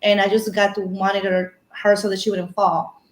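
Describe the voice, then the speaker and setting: A woman's voice: medium pitch, flat delivery, moderate pace. Echoey rambling woman storyteller. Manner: rambling, storytelling with many fillers and restarts. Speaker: guest paranormal investigator. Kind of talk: casual podcast chat.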